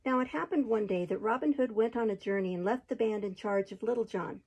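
Husky woman reading a storybook aloud. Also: fairly high pitch, fairly quick, lo-fi sound. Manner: steady, even narration.

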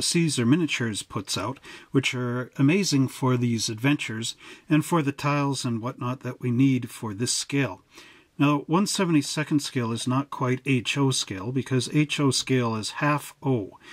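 A man's voice: mid-range voice, no echo. A man hosting a casual hobby explainer, walking through boxes of model figures in a chatty, digressive way with joking asides. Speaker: hobby channel host.

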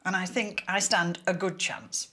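A woman's voice: fairly low pitch, level tone, unhurried, pushed and bright, a little hiss or hum. A woman taking part in a dinner party show, chatting and commenting cheerfully and playfully. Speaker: dinner party guest and cook. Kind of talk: casual chat and interview asides.

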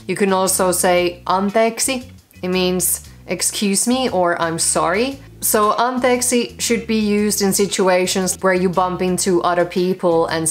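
A young Finnish woman with a Finnish accent, teaching phrases in a chatty, joking vlog. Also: on the low side. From Finland. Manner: chatty, joking, self-mocking. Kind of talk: casual vlog lesson.

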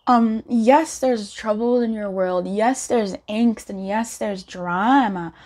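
A woman giving a casual pick-a-card tarot reading, chatty and encouraging, laughing often and rising in pitch when animated. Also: slow. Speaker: tarot reader.

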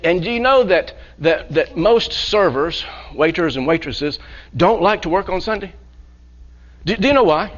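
A man's voice: on the high side, lo-fi sound. A male pastor preaching a sermon in church, restarting phrases, repeating words and chuckling often.

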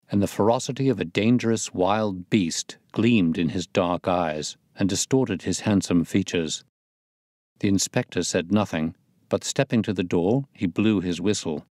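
Man, storybook narration, low voice, dry close sound, measured. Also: a little mellow, no echo. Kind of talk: scripted narration.

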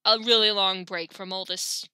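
A woman hosting a gaming channel signs off in a playful, rambling chat. Her voice is very bright and clean, a little high, and sounds worn from a long session. The recording is close and dry. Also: steady tone, normal speed, smooth, no echo. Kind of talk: casual outro to camera.

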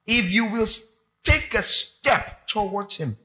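A man preaching to his congregation. His voice is bright and sits a little high for a man. He speaks in an animated, emphatic way and often repeats his words to drive a point home. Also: slow pace. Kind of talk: sermon.

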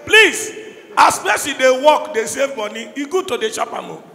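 Loud Nigerian Pidgin comedian in an echoey hall. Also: male voice, extremely high pitch, animated, moderate pace, vocal fry. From Anambra State, Nigeria. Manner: loud, shouting punchlines in Pidgin. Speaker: stand-up comedian. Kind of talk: stand-up comedy. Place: live comedy show in a large hall. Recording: echoey hall, crowd noise. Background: crowd laughing and cheering.

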